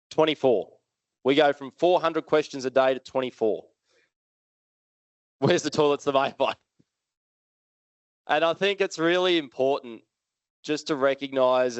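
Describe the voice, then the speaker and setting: Speaking live to an audience in an event hall, an Australian man with a smooth, resonant, middle-pitched voice shares his story in a casual, lively way. As a motivational speaker, he keeps throwing questions back to the crowd. The sound is dry and close, with barely any room echo.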